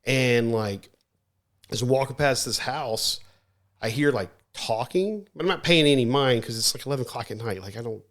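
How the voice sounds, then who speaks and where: A man, a podcast guest, telling a story in a casual, animated way, full of "like" and restarts. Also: medium pitch, moderate pace. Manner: animated, rambling, heavy use of "like".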